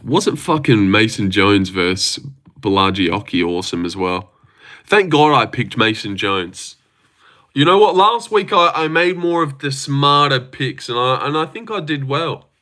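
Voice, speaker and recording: A man's voice: mid-range voice, expressive, measured pace, pushed and bright. A man chatting casually on a livestream, rambling, swearing freely and reading out chat messages. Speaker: livestream host.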